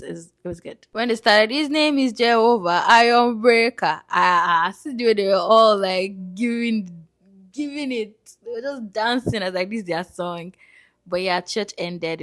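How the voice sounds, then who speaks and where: A woman from Nigeria, narrating a travel vlog as an animated, chatty storyteller. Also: medium pitch. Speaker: vlogger.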